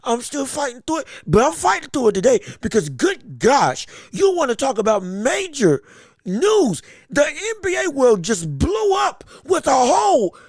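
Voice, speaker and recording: A man hosting his own sports podcast, excited and theatrical, talking through being sick. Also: extremely high pitch, moderate pace, slightly rough, dry recording, studio quality. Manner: hyped, theatrical, sing-song delivery with exclamations. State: sick, under the weather.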